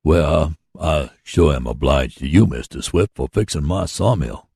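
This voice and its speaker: A folksy, rambling older workman speaks in a deep, gravelly voice, as a man reads him aloud. He sounds earnest and plain-spoken, with a husky edge. It is a storybook reading in a dry, close recording. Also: animated, a little slow, darkish tone, no echo, heavily acted. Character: hard-working older man running a mule sawmill.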